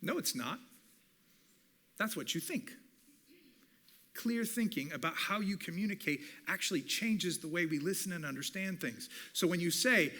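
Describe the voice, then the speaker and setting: A middle-aged man gives a church teaching talk in a bright, forward voice that sits a little high for a man. He is animated, switching into quick acted-out lines of dialogue as he makes his points. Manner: animated, acts out quoted dialogue. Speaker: communications professor.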